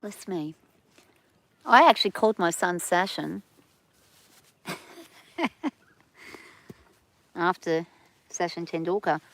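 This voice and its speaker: A woman's voice: fairly low pitch, dry recording. A middle-aged Australian woman chatting casually on a farm livestream, rambling and laughing easily, a bit stuffy from hay fever.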